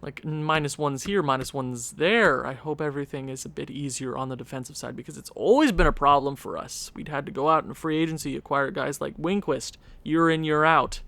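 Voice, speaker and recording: Man, casual video game commentary, rambling and chatty, middle pitch, dry close sound. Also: vocal fry, a bit bright, dry recording. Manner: rambling, chatty, self-interrupting. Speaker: gaming channel host.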